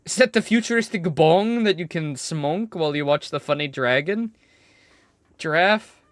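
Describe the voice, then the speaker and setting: A game streamer giving casual joking commentary in a goofy, animated manner. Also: mid-range voice, moderate pace, no echo.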